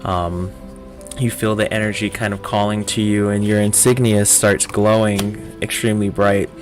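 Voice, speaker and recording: Male GM, lower voice, loose filler-heavy narration over faint music. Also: little pitch movement, normal speed. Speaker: game master. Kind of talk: narrating a tabletop game.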